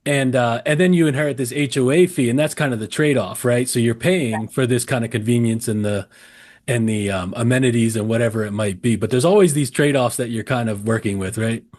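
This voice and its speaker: A man's voice: mid-range voice, a little fast, a little mellow. A man hosting an interview show, thinking aloud with restarts and checking in with his guest. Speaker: host. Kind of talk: casual interview chat.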